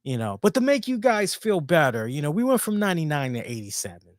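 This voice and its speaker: Animated, profane man ranting. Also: on the high side, fast, dry recording, clean studio sound. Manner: animated, heavy swearing, jokey. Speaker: podcast co-host. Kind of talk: casual profane rant.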